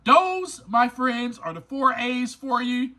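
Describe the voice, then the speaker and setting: A man's voice: very high voice, animated, takes it slowly, pushed and bright. A man hosting a recovery podcast, talking straight to his listeners in an emphatic, preachy way and repeating lines for stress. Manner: speaks straight to listeners, informal. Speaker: podcast host. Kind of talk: motivational recovery podcast monologue.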